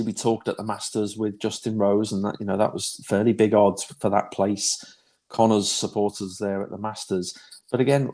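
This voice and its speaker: A man's voice: fairly low pitch, a little mellow. A man co-hosting a podcast, chatting steadily with frequent fillers and restarts. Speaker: podcast co-host. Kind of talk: casual chat about golf betting.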